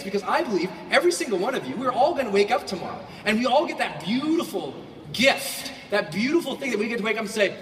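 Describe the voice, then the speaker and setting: A man giving a motivational keynote to a large audience. He swings between quiet reflection and shouted bursts, and he acts out quoted voices. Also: high-pitched, expressive, a little fast, a little hiss or hum. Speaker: motivational speaker. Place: large hall. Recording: echoey hall from far off.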